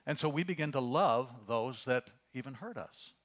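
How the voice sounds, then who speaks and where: A pastor preaching a sermon, reading scripture and telling stories, dropping to a hush and then rising for emphasis. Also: male voice, medium pitch, animated, normal speed. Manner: earnest preaching, swings from hushed storytelling to raised emphasis; reads scripture aloud, with fillers and restarts.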